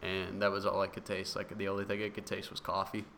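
A man's voice: deep voice, monotone, fast talker, creaky, bright, forceful tone, a little hiss or hum. A young man chatting casually, telling long rambling stories with frequent laughter. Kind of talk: casual chat.

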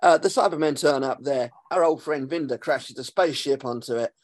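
A man, hosting a podcast and recapping an episode in a casual, sarcastic way, swearing freely and filling pauses with um. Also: medium pitch, dry recording. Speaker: podcast host.

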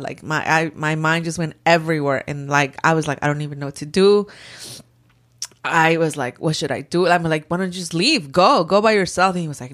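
A woman in casual chat, telling a story in an animated way and acting out the people she quotes. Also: deep voice, a little fast.

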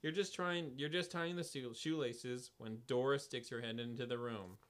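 A man's voice: medium pitch, fairly even intonation, normal speed, fairly bright tone. A man hosting a comedy podcast, reading a kids' adventure book aloud with stumbles, laughs and jokey asides. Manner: reads with stumbles and laughs, dry jokey delivery.

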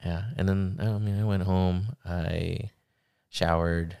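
A young man telling a personal story in casual podcast conversation, halting, with many fillers and restarts. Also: low voice, fairly even intonation, vocal fry, dark tone, clear, resonant tone. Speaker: podcast guest.

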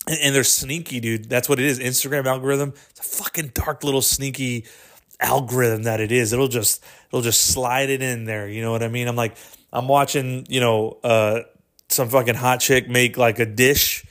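A man hosting a podcast, ranting casually with constant swearing and a steady stream of "dude". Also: mid-range voice, normal speed. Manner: profane, animated, keeps saying "dude". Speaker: podcast host. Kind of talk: casual monologue rant.

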